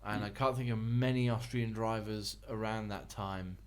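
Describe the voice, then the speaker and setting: A man's voice: fairly low pitch, steady tone, moderate pace, clear, resonant tone. A man co-hosting a casual podcast, chatty and jokey, greeting listeners by name. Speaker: podcast co-host.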